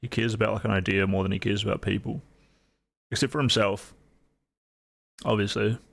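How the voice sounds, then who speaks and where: A man with a New Zealand accent talks in a loose, wry, rambling way, full of fillers. His voice sits a little low with a gravelly, creaky edge. He sounds like a streamer in casual reaction chat. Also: steady tone, a little fast.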